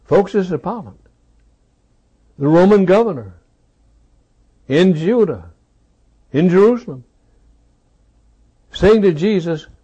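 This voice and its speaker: A male preacher delivering a sermon in a high voice that rises and falls widely. He speaks slowly and dramatically, repeating key phrases for weight. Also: expressive, mellow, slightly rough, lo-fi sound. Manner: dramatic, repetitive emphasis.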